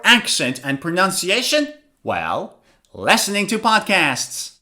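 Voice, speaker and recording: A man's voice: sits high, huge pitch swings, a little slow, bright, forceful tone. A man teaching pronunciation, posing rhetorical questions and then answering them himself. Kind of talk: scripted lesson to camera.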